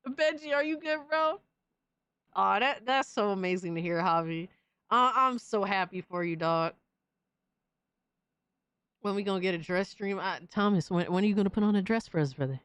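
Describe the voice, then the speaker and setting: A woman hosting a live stream, reading chat messages aloud and reacting in an excitable, profane, casual way. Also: mid-range voice, moderate pace, long pauses, clear, resonant tone, dry recording. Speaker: livestream host reading chat.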